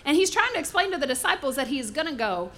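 Bright high-voiced woman preaching. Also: fast talker. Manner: animated preaching, acts out voices in asides. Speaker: pastor. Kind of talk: sermon.

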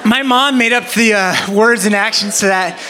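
A man's voice: high voice, moderate pace, sharp tone, clean tone, some chatter behind. A young man preaching to children, out of breath and talking in jokey, laughing asides. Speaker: youth preacher. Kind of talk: energetic kids' sermon.

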